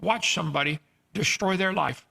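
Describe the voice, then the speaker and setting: A man's voice: high voice, moderate pace, vocal fry, bright, forceful tone, breathy edge. A man preaching a sermon on scripture, earnest and pleading as he scolds his listeners. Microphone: played clip from archive.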